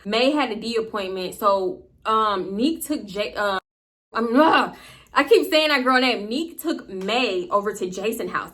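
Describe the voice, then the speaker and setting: A young woman telling a personal story to the camera in a casual, candid, animated way, with frequent swearing. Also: mid-range voice. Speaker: storytime vlogger.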